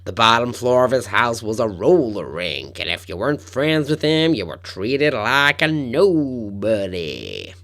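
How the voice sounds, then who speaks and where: A man's voice: medium pitch, sing-song, a little slow, hardly any pauses, fairly bright tone. A man voicing a boastful small-town Southern man with a thick Carolina accent. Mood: scornful.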